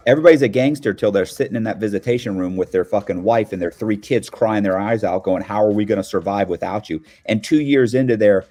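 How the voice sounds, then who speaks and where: Blunt, deep-voiced man in his fifties. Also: fast talker, hardly any pauses, mellow. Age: 50s. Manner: blunt, streetwise, acts out quoted voices. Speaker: guest commentator. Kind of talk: casual podcast conversation.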